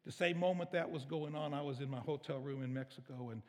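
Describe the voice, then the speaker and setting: Speaking fast in a slightly high, darkish voice, a middle-aged pastor delivers a sermon in a church sanctuary, his conversational storytelling becoming emotional. The recording has the reverb of a church hall.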